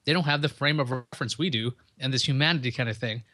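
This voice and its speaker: A man's voice: medium pitch, quick pace, sharp tone. A man hosting a podcast, talking casually to listeners and explaining ideas through everyday examples. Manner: conversational, chatty, explains with examples. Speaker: podcast host.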